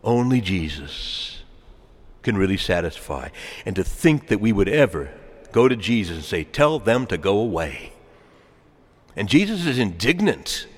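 Man preaching in a large church hall, very expressive pitch, hushed to loud calls, reverb trailing. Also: normal speed. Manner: dramatic swings between hushed and loud calls, asks congregation to respond. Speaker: pastor. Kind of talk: sermon.

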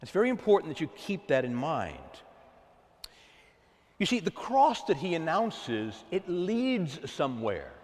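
A man's voice: a little high, in a large hall. A man preaching a sermon to his congregation, emphatic with call-and-response.

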